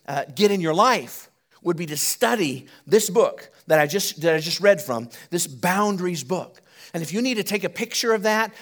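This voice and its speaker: A man preaching a sermon as pastor, building animated emphasis as he goes. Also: high voice. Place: church.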